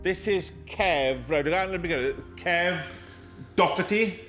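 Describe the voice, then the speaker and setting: A man co-hosts a relaxed podcast from a rugby clubhouse bar. His talk is lively and full of repeats and laughter. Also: on the high side, slow, soft background music. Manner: animated, repeats himself, laughs a lot. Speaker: podcast co-host. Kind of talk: casual pub chat.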